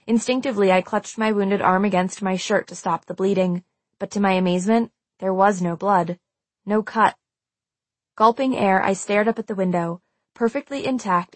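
Brief: female audiobook narrator, mid-pitched, tense and emotional delivery, dry close studio sound. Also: dry recording. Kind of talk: first-person audiobook narration.

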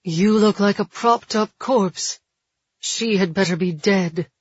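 A woman narrating an audiobook, voicing a stern older caretaker who talks gravely and bluntly, with a husky tone. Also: mid-range voice, unhurried, a little mellow, no room sound, lo-fi sound.

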